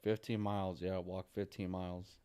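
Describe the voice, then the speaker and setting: A man's voice: low-pitched, level tone, normal speed, dark tone, clear, resonant tone. A man venting in a frustrated, repetitive monologue, swearing constantly and ending lines with "dude.". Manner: frustrated ranting, heavy swearing, repeats "dude". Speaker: vlogger.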